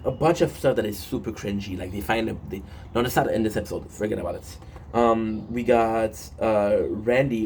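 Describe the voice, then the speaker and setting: A man's voice: medium pitch, darkish tone, slight background noise. A man casually recapping a show episode on his phone, rambling with many fillers and restarts and swearing often.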